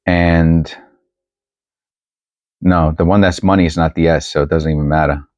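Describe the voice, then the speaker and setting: A man's voice: rumbling low, fairly even intonation, normal speed, darkish tone, no echo, dull audio. A man chatting casually as he sorts coins at home on a new microphone, rambling and thinking aloud with many restarts. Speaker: coin collecting vlogger. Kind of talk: casual chat while sorting coins. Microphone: new desk microphone.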